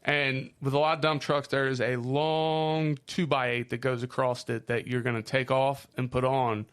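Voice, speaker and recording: Midwest guy on a podcast, loose and sweary, just spinning stories about his dad, normal middle pitch. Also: normal speed, smooth. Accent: Midwestern American. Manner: swearing storyteller, lively. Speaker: podcast co-host. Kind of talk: casual chat.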